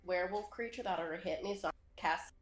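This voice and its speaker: A woman's voice: fairly low pitch, racing, soft background music. A woman playing in a tabletop game, chatting in a playful way. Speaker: player. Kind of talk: casual game chat. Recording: echoey room with faint hiss.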